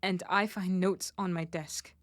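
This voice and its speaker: A woman's voice: lowish voice, fairly even intonation, a little slow, dry recording, natural voice. A woman performing a young woman harassed at work after speaking up, in an intense spoken-word delivery. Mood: anguished.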